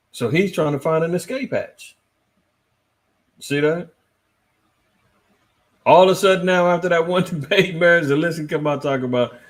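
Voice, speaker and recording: A man hosting a casual news commentary livestream, reading articles aloud and answering his chat in a lively, swinging voice. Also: moderate pace, long pauses. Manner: animated, swinging between loud and low, reads articles aloud, talks to chat. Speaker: host.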